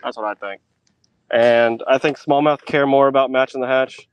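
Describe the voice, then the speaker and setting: A man's voice: medium pitch, fairly even intonation, moderate pace, slight background noise. A man who is a guest on a fishing podcast, talking in an easygoing way with frequent hesitations. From United States. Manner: easygoing, hesitant, lots of ums and restarts. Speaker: podcast guest, tournament angler. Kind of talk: casual podcast chat.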